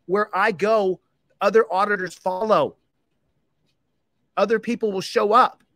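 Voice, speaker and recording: A man's voice: high voice, fairly even intonation, a little slow, a bit bright, no room sound, studio quality. A man hosting a livestream, ranting angrily and repetitively at a police department, fired up and confrontational. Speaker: livestream host and police auditor. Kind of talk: angry livestream rant.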